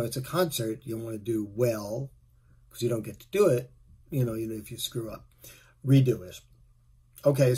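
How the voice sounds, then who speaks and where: A middle-aged man, a musician, giving relaxed, rambling tips on playing his instrument. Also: medium pitch, slightly rough. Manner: relaxed, rambling, with fillers and asides. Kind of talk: casual spoken tip video.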